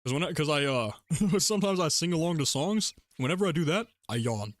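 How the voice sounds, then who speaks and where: A young man streaming a game, chatting casually in a rambling, relaxed way and laughing often between thoughts. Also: a little high, brisk, no echo, clean studio sound. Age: young adult. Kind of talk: casual gaming livestream chat.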